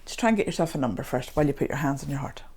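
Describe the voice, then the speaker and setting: A woman leading a guided tapping session, speaking slow, repetitive affirmations. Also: deep voice, lively intonation, darkish tone, breathy edge.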